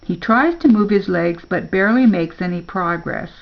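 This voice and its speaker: An older woman, a grandmother, reading a children's story aloud in a slow, gentle storybook manner. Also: on the low side, creaky, lo-fi sound.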